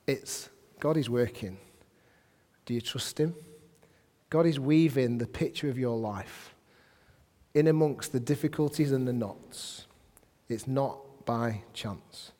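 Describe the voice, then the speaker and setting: A man preaching a sermon and reading scripture aloud, animated, swinging between soft asides and loud emphatic bursts. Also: mid-range voice, takes it slowly, long pauses. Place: church hall. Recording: long hall reverb.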